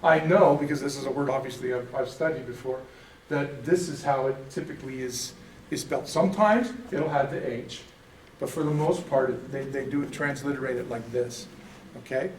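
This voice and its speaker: A man's voice: medium pitch, normal speed, slight background noise. An American man teaching an informal church class, rambling and correcting himself in a folksy way. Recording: echoey room, mic at a distance.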